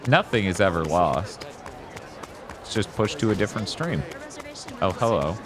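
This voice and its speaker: Swearing, animated male game streamer. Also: sits low, moderate pace, crowd noise. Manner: rambling, swears freely, jokes with chat. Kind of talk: casual gameplay commentary. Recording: voice over loud game music.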